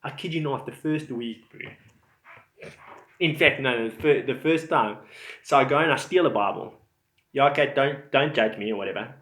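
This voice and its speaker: A man's voice: mid-range voice, normal speed. Man, rambling storyteller, casual vlog, echoey room, lots of um and like. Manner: rambling, animated, many fillers. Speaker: vlogger telling his testimony.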